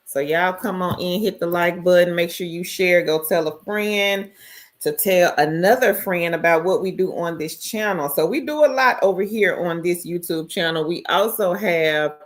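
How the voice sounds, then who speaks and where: A woman's voice: fairly low pitch, moderate pace. A woman hosting a casual live stream, greeting viewers by name and reading their chat messages aloud. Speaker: livestream host.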